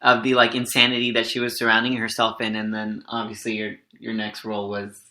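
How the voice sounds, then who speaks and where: A man hosting a podcast, reading out fan questions in a relaxed way with small fillers. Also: fairly low pitch, a little fast. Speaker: podcast host.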